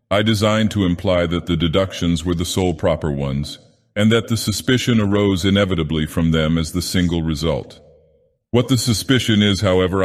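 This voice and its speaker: A man doing Dagoth Ur, deep and echoing. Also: close to an everyday voice. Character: deep-voiced godlike male villain reading a tale. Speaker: audiobook narrator. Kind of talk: storybook narration in character. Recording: long hall reverb.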